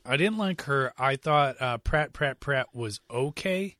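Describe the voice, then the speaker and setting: A man's voice: mid-range voice, measured pace, no room sound. Opinionated man hosting a movie chat. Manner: opinionated, animated, repeats words. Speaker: podcast host. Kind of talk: casual movie review chat.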